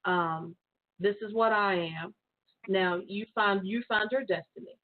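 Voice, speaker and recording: A woman's voice: medium pitch, a little slow. Rambling woman on a tinny line. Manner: rambling, many fillers. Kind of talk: casual call-in chat.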